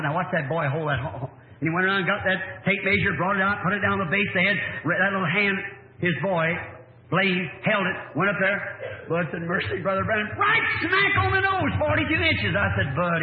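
A man preaching, telling a hunting story in a folksy, animated way and acting out the dialogue. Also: high-pitched, slight background noise. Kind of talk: old-time revival sermon storytelling. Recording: echoey hall on a tinny old tape.

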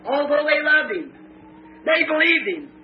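A man preaching an impassioned revival sermon, often breaking into shouts. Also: very high voice, very animated, unhurried, over a noisy crowd. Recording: echoey lo-fi tape, tinny like a phone.

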